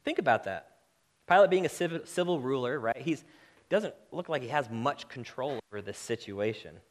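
A man preaching a sermon, impassioned and direct, building to loud emphatic peaks and then dropping to quiet, earnest lines. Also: mid-range voice, lively intonation, normal speed.

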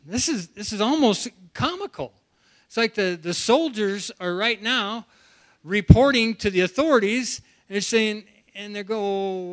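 Teaching from the Bible, the preacher speaks a little slowly in a high, somewhat bright voice. His expository sermon is animated, with words often repeated as he starts phrases over.

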